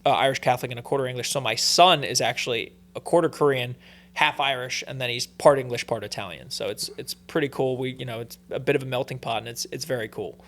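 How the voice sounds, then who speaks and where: A man talks as a podcast guest in a mid-range voice, loose and unhurried. He tells stories with many fillers and restarts, easygoing and open. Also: medium pitch, fairly bright tone. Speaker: guest, pro fighter. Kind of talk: casual podcast interview.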